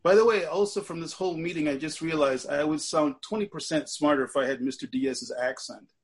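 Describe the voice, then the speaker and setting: Man, American, husky voice, somewhat high pitch, book club guest, joking, video call. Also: a little fast. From United States. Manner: animated and joking, breaks into laughter. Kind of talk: casual discussion.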